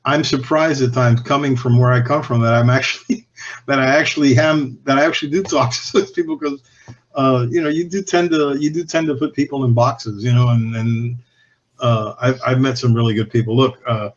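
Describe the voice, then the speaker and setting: A man's voice: mid-range voice, steady tone, a little fast, muffled recording. A man guesting on a podcast, telling cigar-industry stories in a candid, profane, rambling way that often restarts and trails off. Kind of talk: casual anecdotal storytelling.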